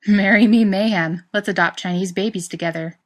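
A woman's voice: medium pitch, fairly quick, natural voice. Woman voicing a wisecracking male professor. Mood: mock outraged. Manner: teasing, wisecracking. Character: playful joking male English professor.

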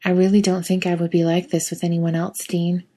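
A woman putting on a coy adult man who teases in a husky, mellow murmur. The delivery stays low and even, with breathy coaxing tones. It sits inside a quiet spoken story. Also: a little fast. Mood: teasing. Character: teasing adult man, playfully smug lover.

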